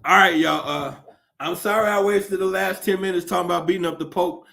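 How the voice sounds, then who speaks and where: A male podcast host in a profane, animated comedic rant, often laughing as he talks. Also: high voice, fairly quick, gravelly.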